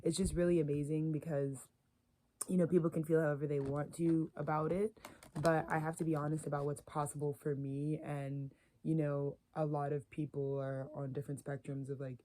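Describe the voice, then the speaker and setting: A woman's voice: low-pitched, flat delivery, normal speed, dark tone, slight background noise. A woman giving a rambling, earnest spiritual monologue, full of "like" and "you know" fillers. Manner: filler-heavy, meandering, earnest. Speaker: spiritual content creator.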